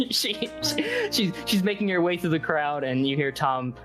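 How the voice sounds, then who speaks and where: A man's voice: on the high side, expressive, unhurried, over loud music, low-quality recording. A man running a tabletop game as game master, narrating loosely with many fillers.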